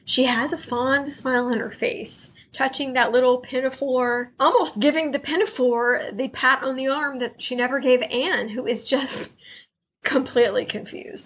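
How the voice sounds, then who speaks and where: High-pitched chatty woman podcaster. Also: steady tone, moderate pace, fairly bright tone, breathy edge. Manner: chatty, laughing often. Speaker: podcast co-host. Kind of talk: casual recap chat.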